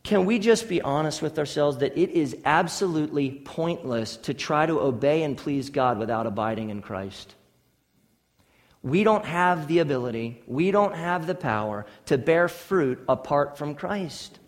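A pastor preaching with a fairly high voice, driving his points home through repetition and pointed questions. His sermon carries a long reverb, the sound of a church hall. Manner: emphatic preaching with repeated phrases and rhetorical questions.

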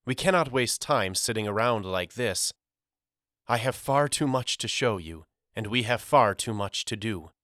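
A man voicing a gentle, loving mother who speaks tenderly and soothingly to her sons. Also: lowish voice, moderate pace, few pauses, no echo, studio quality. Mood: brisk.

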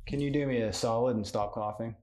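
A man's voice: mid-range voice, quick pace, a little mellow. A man co-hosting a podcast in casual chat, needling his partner with dry, teasing banter. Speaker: podcast co-host.

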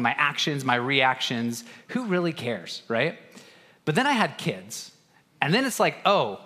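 A man's voice: medium pitch, bright, forceful tone. A man in his thirties, a pastor giving a casual, self-deprecating sermon with family stories. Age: 30s. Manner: conversational, self-deprecating, acts out family dialogue. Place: church auditorium. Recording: long hall reverb.

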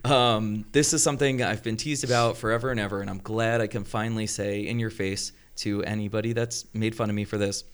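A man's voice: on the low side, fairly quick, hardly any pauses, smooth. A man chatting casually on a podcast, telling a long story and acting out the people in it. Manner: animated storyteller who acts out quoted voices. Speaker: podcast co-host. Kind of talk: casual chat.

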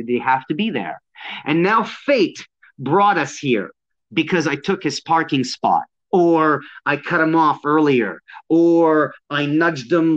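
A man who teaches de-escalation talks bluntly and emphatically in a casual conversation, swearing often. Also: fairly high pitch. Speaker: de-escalation and self-defense instructor. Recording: dull lo-fi sound.

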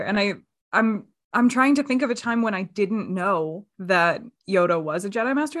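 A woman's voice: mid-range voice, a bit bright. A young woman co-hosting a podcast, chatting casually about a film, giggling and apologetic. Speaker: podcast co-host.

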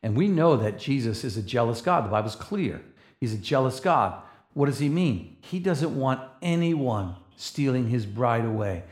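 A man preaching a sermon, rising to loud, passionate peaks and then dropping to soft, low asides. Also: expressive, moderate pace. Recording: echoey room.

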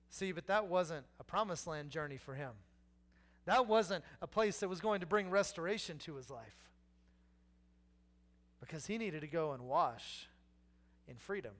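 A man's voice: fairly high pitch, fairly bright tone. A man, preaching a sermon with humor, repeating key lines and acting out people in the story. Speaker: pastor.

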